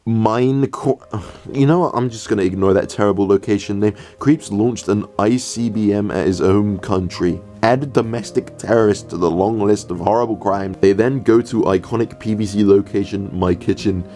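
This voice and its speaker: A man's voice: on the low side, normal speed, few pauses, soft background music. Sarcastic man narrating comedy. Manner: sarcastic, exasperated, deadpan asides. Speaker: YouTuber reviewing his old videos.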